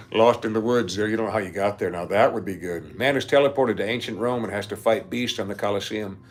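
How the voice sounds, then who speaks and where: At a normal speed and in a lowish voice, a man hosts a casual live-stream chat, going through viewers' comments. He laughs often and keeps slipping into nerdy asides.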